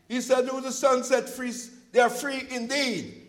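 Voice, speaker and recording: A male preacher giving an impassioned sermon, telling stories from his church's food pantry and at times rising to a shout. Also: very high-pitched, flat delivery, measured pace, poor audio. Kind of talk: sermon with storytelling.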